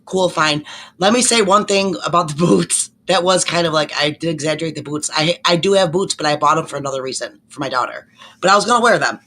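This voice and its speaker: A woman's voice: low voice, quick pace, a bit bright, slight background noise. A woman in her sixties, a nurse and panelist, rambling through an emotional explanation in casual chat.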